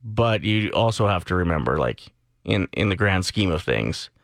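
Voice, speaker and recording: A man's voice: low voice, lively intonation, moderate pace, vocal fry, no room sound. A man co-hosting a radio show, chatting casually with dry, joking banter. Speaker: radio co-host.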